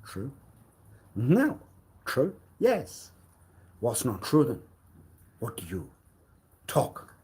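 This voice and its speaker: A man hosting a livestream, giving an improvised mock lecture in a preachy, theatrical way that swings between loud scolding declarations and hushed low murmurs. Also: huge pitch swings, drawn-out words, long pauses. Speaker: livestream host.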